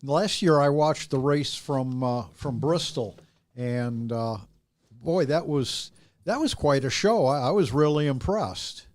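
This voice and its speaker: A man's voice: mid-range voice, lively intonation, takes it slowly, darkish tone, no room sound. A man co-hosting a racing show, talking in a friendly, enthusiastic way. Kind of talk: casual chat.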